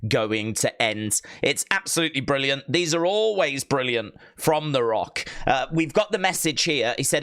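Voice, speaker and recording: A man hosting a wrestling news channel, recapping and paraphrasing quotes in an excited, casual way with plenty of fillers. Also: mid-range voice, normal speed, hardly any pauses, clean tone, no room sound, clean studio sound.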